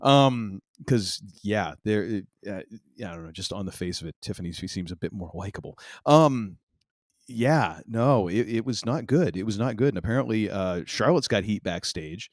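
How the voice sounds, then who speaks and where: A man's voice: on the low side, animated, moderate pace, dry recording, studio quality. A man co-hosting a podcast, chatting casually about wrestling, rambling with lots of restarts and laughs. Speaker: podcast co-host.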